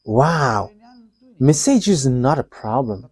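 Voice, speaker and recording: A man preaching a live sermon, halting, with many fillers and restarts and frequent chuckles. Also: medium pitch, animated, darkish tone, husky, dry recording.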